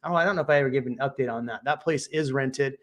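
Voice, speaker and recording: A man's voice: medium pitch, fast, fairly bright tone. Easygoing joking male real estate host. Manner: laid-back, joking, thinks aloud with frequent restarts. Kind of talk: casual chat giving real estate advice.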